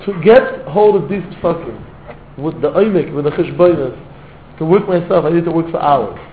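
A man's voice: on the high side, lively intonation, moderate pace. Male rabbi, sermon, fervent, echoey room, faint background noise. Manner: fervent, sprinkled with Yiddish and Hebrew words, non-native phrasing. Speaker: rabbi giving a Torah talk. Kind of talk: heartfelt Torah sermon with storytelling. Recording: echoey room heard over a tinny phone-like line.

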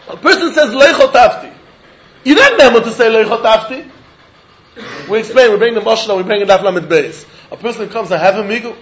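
A man teaching a Talmud lesson in an animated, sing-song study cadence, often laughing as he argues. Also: high-pitched, normal speed, lo-fi sound, a little hiss or hum.

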